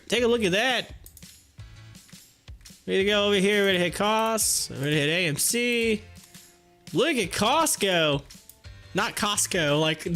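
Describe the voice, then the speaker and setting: A livestream host commenting on stock charts, laughing often and reading viewer comments aloud. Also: mid-range voice. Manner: giggly, laughs often, excitable. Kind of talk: live-streamed market commentary with chat reading.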